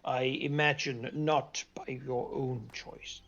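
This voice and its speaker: A man voicing an ancient, solemn wind guardian spirit with a gravelly voice, speaking slowly and breathily. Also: mid-range voice, steady tone, a bit bright, lo-fi sound.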